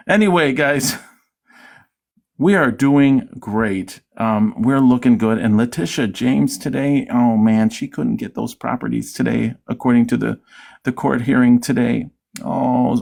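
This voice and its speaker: A man's voice: medium pitch, unhurried, gravelly, a little mellow. A man hosting his own vlog, mocking and taunting his targets in loose political commentary. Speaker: vlogger.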